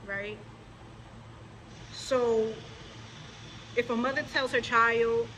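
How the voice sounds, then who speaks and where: A woman's voice: on the high side, fairly even intonation, slow, long pauses, bright, forceful tone, a little hiss or hum, low-quality recording. A woman vlogger delivering a scolding, confrontational rant straight to her viewers, mocking the people she addresses. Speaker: religious vlogger. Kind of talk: direct-to-camera rant.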